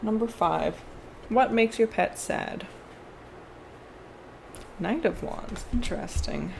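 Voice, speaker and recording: A woman's voice: a little high, slow pace, vocal fry, darkish tone, a little hiss or hum. Chatty woman giving a tarot reading. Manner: chatty, rambling, with frequent fillers and restarts. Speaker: tarot card reader. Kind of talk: casual tarot reading vlog.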